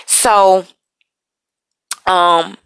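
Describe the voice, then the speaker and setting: Woman host, tired and emotional, slow gravelly confessional delivery, dry close sound. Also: mid-range voice, fairly even intonation, a bit bright, dry recording. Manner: emotional, halting, apologetic. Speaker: podcast host. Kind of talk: personal confessional talk.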